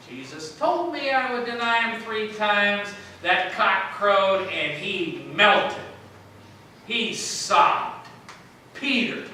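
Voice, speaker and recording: A male pastor with a high, very bright and forceful voice delivers a sermon, chatting and joking with the congregation and quizzing them as he goes. He sounds far from the mic, and his words ring around a very echoey church. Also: slight background noise. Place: church sanctuary.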